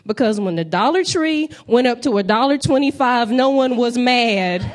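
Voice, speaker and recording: A woman's voice: on the high side, expressive, moderate pace, few pauses. A young woman from North Carolina, doing a brash, playful stand-up set and talking straight to the crowd from a comedy club stage.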